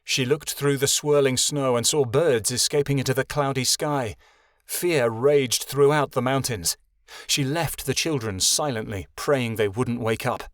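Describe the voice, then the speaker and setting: A man reading a fantasy audiobook as narrator, in a steady, measured way. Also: medium pitch, dry recording, clean studio sound. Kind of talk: scripted narration.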